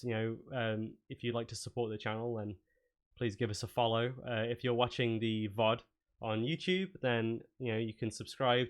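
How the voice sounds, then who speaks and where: A man's voice: mid-range voice, a bit bright, clear, resonant tone. A man narrating a tabletop game as game master in a loose, casual way with many fillers.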